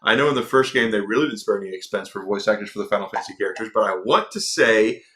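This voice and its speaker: A man's voice: lowish voice, quick pace, fairly bright tone. A man doing casual let's play commentary, chatting with viewers as he plays. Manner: chatty, reads and answers chat. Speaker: gaming video host.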